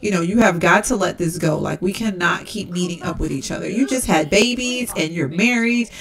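A woman's voice: a little fast, crowd noise, natural voice. A woman voicing a young woman game character who is firmly ending an affair, speaking in a firm, exasperated way. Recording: distant low-quality game capture.

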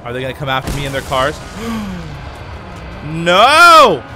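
A man hosting a let's play, commenting as he plays, with excitable, panicky exclamations under fire. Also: medium pitch, very fast, music in the background. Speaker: gaming channel host.

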